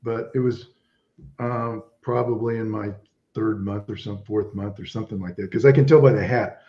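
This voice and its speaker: A man's voice: lowish voice, fairly even intonation, moderate pace, dark tone, lo-fi sound. A man in his seventies, a veteran guest, telling stories in a rambling casual chat. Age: 70s. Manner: rambling storyteller, restarts often. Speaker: guest, Vietnam veteran and author.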